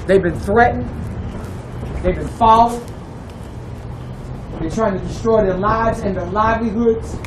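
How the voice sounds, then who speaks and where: A man's voice: sits high, unhurried, long pauses. A man with a St. Louis accent, a reverend giving a rally speech outdoors with a preacher's cadence and emphatic repetition. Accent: St. Louis, Missouri. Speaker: reverend speaking at a protest rally. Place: outdoor street protest. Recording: distant outdoor mic with street noise.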